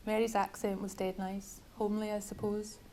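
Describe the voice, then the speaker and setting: A woman author reading from her own novel at a bookshop event, measured and wryly literary. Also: mid-range voice, level tone, mellow, slight background noise, rough recording.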